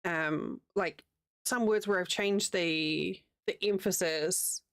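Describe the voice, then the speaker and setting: A woman's voice: fairly low pitch, takes it slowly, fairly bright tone, no room sound, clean studio sound. A woman in her thirties with a New Zealand accent, chatting casually and rambling while crocheting on a livestream, laughing easily. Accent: New Zealand, with a slight American Southern tinge.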